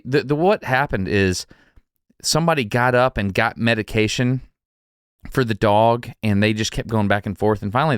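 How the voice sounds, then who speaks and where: Low-voiced man telling a story. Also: clear, resonant tone, no echo, studio quality. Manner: animated anecdote-telling with laughs and restarts. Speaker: podcast co-host. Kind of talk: casual storytelling chat.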